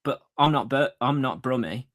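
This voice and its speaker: A man with a Redditch twang co-hosts a podcast in relaxed chat. He keeps his remarks short and blunt and laughs easily, his voice sitting at a middling pitch for a man. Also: normal speed. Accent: Redditch, West Midlands. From Redditch, England. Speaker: podcast co-host. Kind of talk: casual chat.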